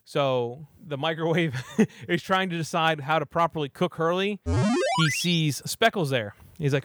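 A young man with a somewhat high voice tells a movie plot in a loose, rambling comic style. He fills his talk with "you know" and slips into quick silly voices for the characters. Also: expressive, fairly bright tone. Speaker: podcast host recapping a movie. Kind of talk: casual comedic movie recap.

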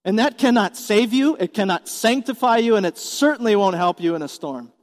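A man's voice: sits high, expressive, fairly quick, in a large hall. A man in his forties preaching a sermon as pastor, earnest and emphatic, asking the congregation questions. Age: 40s.

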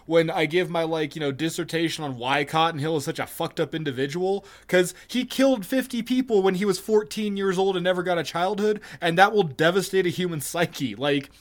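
A male podcast co-host in casual chat, profane and emphatic. He rants with blunt force and throws curses into nearly every line, in a voice pitched a touch above the usual man's. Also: a little fast, few pauses.

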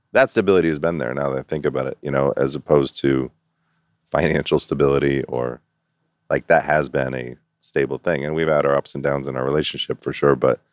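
A middle-aged man telling stories as an interview guest in casual chat, animated and laughing often. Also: rumbling low, no room sound, studio quality. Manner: animated storyteller who acts out quotes and laughs often.

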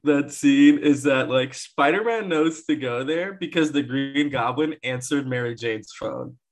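A man chatting casually about a film, excitable, laughing often and cursing as he acts out quotes. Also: mid-range voice, unhurried.

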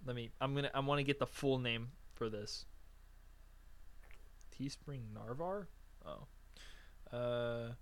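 A man's voice: medium pitch, slow pace, long pauses, smooth. A man chatting casually as a podcast co-host, acting out quotes and swearing as he tells stories. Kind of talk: casual chat.

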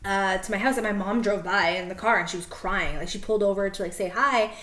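A woman co-hosting a podcast in casual chat, telling animated stories, laughing often and acting out her father's gruff replies. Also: mid-range voice, fast, roomy sound. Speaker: podcast co-host. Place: podcast studio.

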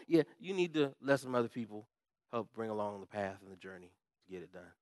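A pastor preaching a lively sermon, jumping from loud pumped-up exhortation to quiet asides and acted-out voices. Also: male voice, on the low side, fairly quick, dry recording, clean studio sound. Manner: animated, swings from loud pumped-up shouting to quiet asides, acts out quoted voices.

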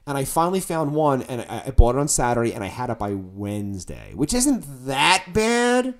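Animated, profane man telling a story. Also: medium pitch, moderate pace. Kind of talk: casual storytelling chat.

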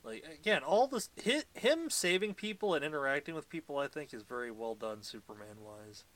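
Bright-voiced laughing podcast man. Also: a little high, expressive, fairly quick. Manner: laughs often, swears casually, acts out quotes in passing. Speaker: podcast co-host. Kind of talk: casual movie recap chat.

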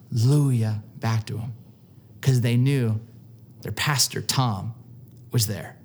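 A male preacher with a slightly higher voice delivers a sermon. He tells stories earnestly, stumbles and repeats words as he builds his point. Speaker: pastor.

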